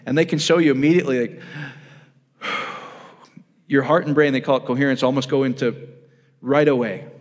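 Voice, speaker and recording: A man's voice: mid-range voice, fairly even intonation, fairly quick, long pauses. A man preaching in a casual, conversational way, often asking his audience whether they follow him. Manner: casual, asks the audience questions, addresses them as guys. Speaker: pastor. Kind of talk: conversational sermon. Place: church hall. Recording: reverberant hall.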